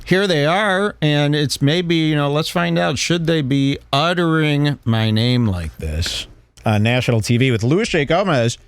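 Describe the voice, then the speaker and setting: A man's voice: fairly high pitch, animated, measured pace, clean tone, no echo. A man hosting a podcast in casual chat, swearing and acting mock-exasperated while reacting to clips. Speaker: podcast host.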